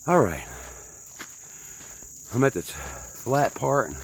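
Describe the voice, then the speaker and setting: A man's voice: medium pitch, gravelly, a little hiss or hum. A man rambling to his viewers while hiking uphill on a trail, out of breath and chatty, poking fun at himself and asking the folks watching what to do. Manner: chatty, self-mocking, talks to viewers as folks. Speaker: vlogger.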